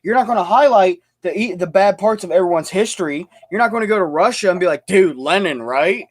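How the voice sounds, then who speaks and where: High-voiced guy ranting on stream. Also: fast. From United States. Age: young adult. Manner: fired-up, repetitive, stumbling restarts. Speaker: livestream host. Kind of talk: heated livestream rant.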